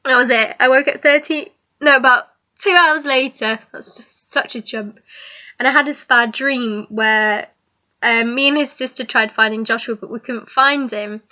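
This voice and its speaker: Giggly young woman, bright and high. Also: fairly even intonation, normal speed. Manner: chatty, giggly, rambling. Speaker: vlogger. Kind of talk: casual chat. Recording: dull lo-fi recording.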